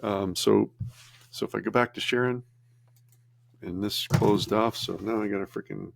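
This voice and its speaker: A man's voice: fairly low pitch, steady tone, normal speed, creaky, background noise. A man casually recapping workshop notes while sharing his screen, rambling and correcting himself as he goes. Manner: rambling, self-correcting, chatty. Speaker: business vlogger.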